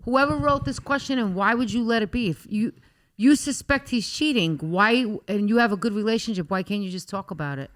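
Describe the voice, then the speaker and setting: A woman's voice: mid-range voice, fairly quick, fairly bright tone. A woman guest on a podcast, talking in casual chat, blunt and emphatic.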